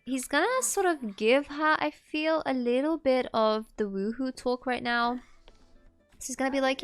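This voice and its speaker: A woman talking through her game in a chatty, meandering way, leaning on fillers as she thinks aloud. Her voice sits fairly high. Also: normal speed, clear, resonant tone, no room sound, faint music behind. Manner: chatty, rambling, many fillers. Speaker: gaming host. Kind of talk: let's play commentary.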